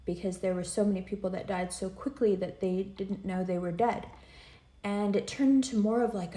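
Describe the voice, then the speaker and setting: A woman's voice: mid-range voice, dark tone, echoey room. A woman giving a casual, earnest tarot reading, emotional and rambling as she talks straight to the listener. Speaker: tarot reader.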